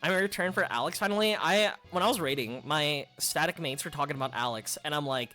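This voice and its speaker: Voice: medium pitch, fast talker, hardly any pauses, pushed and bright, faint music behind. A game streamer chatting casually between play, rambling and laid-back, with plenty of fillers. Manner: rambling, laid-back, says dude and like a lot. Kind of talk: casual gameplay stream chat.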